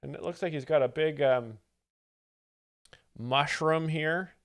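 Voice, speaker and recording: A man commenting over a comedy clip in a dry, deadpan, mock-analytical way, as if breaking down technique. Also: fairly high pitch, slow pace, clean tone, no room sound. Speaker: joke explainer host.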